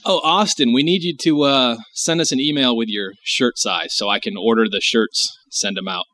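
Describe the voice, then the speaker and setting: A man's voice: mid-range voice, normal speed, sharp tone, a little hiss or hum. A man co-hosting a podcast, chatting casually and rambling, swearing now and then. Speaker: podcast co-host. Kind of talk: casual chat.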